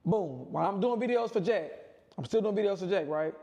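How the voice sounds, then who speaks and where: A man casually telling a long personal story, rambling and repeating himself, with animated quoted voices. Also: a little fast. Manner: rambling, repetitive, punctuates with "boom" and "right?". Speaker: storyteller in a played clip.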